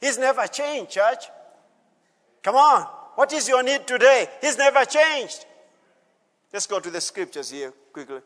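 A man's voice: very high-pitched, animated, unhurried, long pauses, fairly bright tone. A male pastor preaching a sermon with call-and-response, exhorting the congregation and repeating his phrases in a church service. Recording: long reverb of a church hall.

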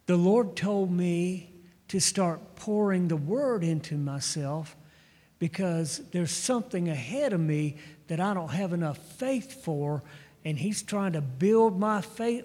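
A man's voice: high-pitched, a little slow, a little mellow. A middle-aged male preacher telling a personal testimony in a sermon, with frequent restarts and stumbles. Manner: storytelling testimony with repeated restarts. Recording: long hall reverb.

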